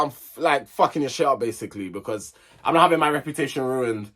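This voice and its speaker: Young male vlogger, casual storytime delivery, mid-pitched, digressive and slangy. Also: brisk, fairly bright tone.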